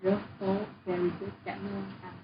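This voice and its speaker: A woman's voice: mid-range voice, level tone, distant mic. A young woman from Vietnam with a Vietnamese accent, tutoring a student in an online lesson and patiently modeling each word. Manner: patient, encouraging, models words slowly. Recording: roomy, dull audio with noise.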